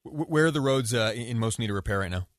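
A man hosting a call-in radio show, talking in a halting way with frequent restarts. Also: medium pitch, expressive, dry recording, clean studio sound. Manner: halting, many restarts, laughs easily. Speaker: radio talk show host.

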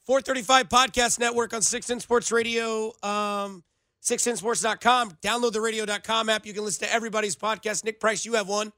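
A young man hosting a sports radio show in a studio, talking in an animated, rambling way full of playful comparisons. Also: high-pitched, fairly quick, no echo. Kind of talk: casual sports radio banter.

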